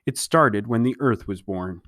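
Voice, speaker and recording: A man reading aloud and voicing a dreamy, whimsical teenage girl who speaks softly and slowly. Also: on the low side, no room sound, clean studio sound.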